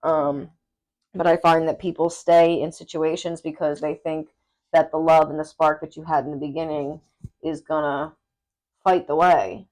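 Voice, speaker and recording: A woman co-hosting a casual podcast, telling stories in an animated way and laughing often. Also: low voice, normal speed. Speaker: podcast co-host. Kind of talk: casual chat.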